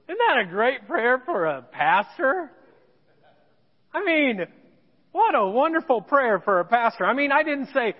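A pastor telling a personal story in a sermon, with self-deprecating humor. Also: male voice, extremely high pitch, very animated, slow pace, pauses often, breathy edge, in a large hall, dull audio. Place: church sanctuary.

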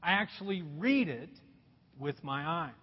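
A man's voice: fairly high pitch, expressive, unhurried, husky. Man preaching in a reverberant church. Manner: emphatic, repeats key phrases, drops to quiet. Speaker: pastor. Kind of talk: sermon. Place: church auditorium. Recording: dull, long-reverb hall recording.

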